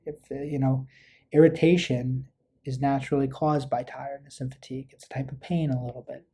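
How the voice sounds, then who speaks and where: A man's voice: medium pitch, level tone, a little fast, mellow, breathy edge. A man casually teaching a parenting skills workshop, acting out short parent lines as examples. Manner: conversational, acts out parent lines with small asides. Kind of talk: relaxed instructional talk.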